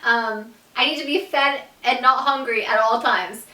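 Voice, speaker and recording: Young woman vlogger, bright slightly high voice, chatty storyteller, roomy echo, a bit off-mic. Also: moderate pace, recorded from a distance. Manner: animated, swearing, lots of "like", laughs through story. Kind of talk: storytime vlog.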